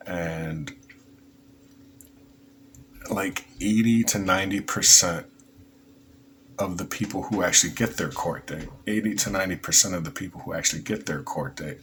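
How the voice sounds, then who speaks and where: A man's voice: low voice, fairly bright tone, slight background noise. A man giving a casual, rambling opinion monologue for his vlog, often restarting his sentences. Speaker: vlogger.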